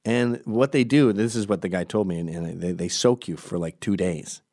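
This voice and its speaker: A man's voice: deep voice, normal speed, hardly any pauses, a little mellow. A man rambling through a crude, digressive comic monologue, often breaking off to correct himself. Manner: crude, digressive, self-interrupting.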